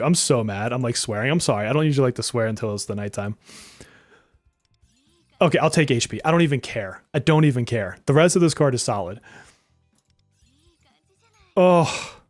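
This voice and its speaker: A man's voice: medium pitch, expressive, fairly quick, pauses often, no room sound, studio quality, faint music behind. A man streaming a game live, joking and exasperated, often swearing and laughing as he talks to his viewers. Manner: talks to chat viewers directly. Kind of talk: live-stream gaming commentary.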